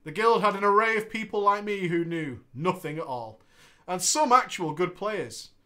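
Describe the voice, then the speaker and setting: A man's voice: high-pitched, moderate pace. A man co-hosting a casual podcast, reading a gaming story aloud with playful banter and frequent laughter. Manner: laughs often, playful, expressive.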